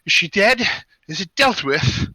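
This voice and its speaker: A man's voice: high voice, sing-song, unhurried, bright, forceful tone, breathy edge, no room sound, pitched above the performer's own voice, exaggerated voice. A man voicing a pompous, weary city overseer with stiff, formal speech. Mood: brusque.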